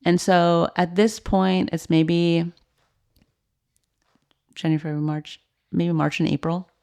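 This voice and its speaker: Woman, thirties, low register; podcast guest, candid storyteller, loose and earnest with lots of "like". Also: little pitch movement, unhurried, warm tone, smooth. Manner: earnest, heavy use of "like" fillers. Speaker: podcast guest, former elite swimmer and coach.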